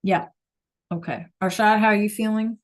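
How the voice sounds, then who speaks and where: A woman's voice: medium pitch, steady tone, moderate pace. A woman teaching a Spanish class over a video call, patient and checking in often with the students.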